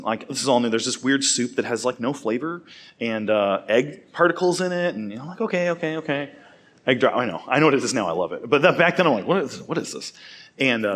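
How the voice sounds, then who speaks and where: A man preaching a sermon in an easygoing, conversational way. His voice sits in a middle pitch. He weaves a personal story into the teaching and speaks directly to the people listening. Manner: casual, chatty, laughs through his story.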